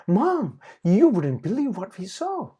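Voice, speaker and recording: A woman voicing an excited little girl piglet who yells in fright, for a children's storybook. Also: slow pace, breathy edge, full character voice. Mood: frightened, insistent. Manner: shrill and yelling.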